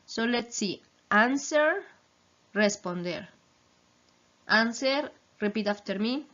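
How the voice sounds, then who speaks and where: Slow, patient woman drilling vocabulary. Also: a little high, animated, a bit bright. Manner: slow, repeats each word, gives Spanish translations. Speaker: English teacher. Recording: slightly dull lo-fi recording.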